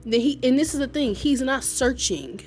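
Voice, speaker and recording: Lively woman telling a story with laughs. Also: sits high, moderate pace, faint music behind. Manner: lively, laughs often, talks straight to viewers. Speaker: vlogger telling a personal story. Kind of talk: casual storytime chat.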